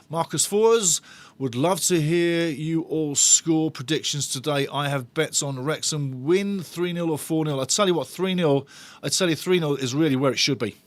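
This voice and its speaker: A man hosting a live football watch-along, chatting with viewers in a bantering, sarcastic way. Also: fairly high pitch. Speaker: host of a football fan watch-along channel.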